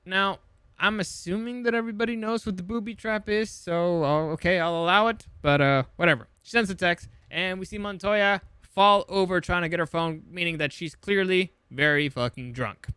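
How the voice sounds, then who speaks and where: A man's voice: sits high, normal speed, pushed and bright, smooth, no room sound. A man recapping a movie in a casual, sarcastic way, swearing often and rambling with lots of fillers. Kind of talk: casual comedic film summary.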